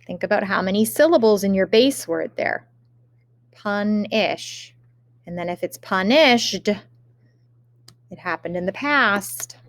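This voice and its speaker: A woman teacher giving a remote spelling lesson, dictating words slowly and carefully with example sentences. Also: medium pitch, animated, no room sound.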